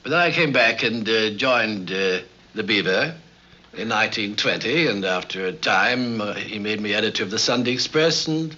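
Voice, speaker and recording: An older man from Canada recounts his career with genial wit. His tone is bright and forward, broken by hesitant "uh" pauses. The sound is dull and lo-fi, like an old 1950s documentary. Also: lowish voice, animated. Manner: genial, witty storyteller with frequent "uh" pauses. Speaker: interview guest, member of Parliament. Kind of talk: formal anecdotal interview.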